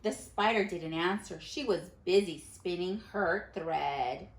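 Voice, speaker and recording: A woman teacher with a lowish voice reads a picture book aloud to her class as an animated storyteller, pausing to quiz the children. The sound is roomy.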